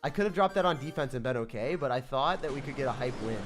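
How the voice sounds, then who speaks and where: A man giving excited, self-mocking commentary over his own gameplay, full of gamer slang, swinging from hype to groans. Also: mid-range voice, fast talker, loud music behind the voice. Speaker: gaming creator.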